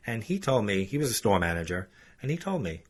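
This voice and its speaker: A man's voice: on the low side, sing-song, a little fast, husky. A male podcast host telling a story in a chatty, casual way, talking straight to his listeners. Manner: chatty, addresses listeners as folks.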